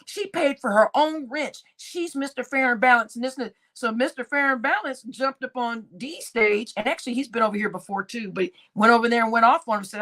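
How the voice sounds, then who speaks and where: Speaking fairly quickly with few pauses, a livestream host tells a story in a casual, rambling way, voicing the quoted dialogue as she goes. Her voice is a little high and fairly bright.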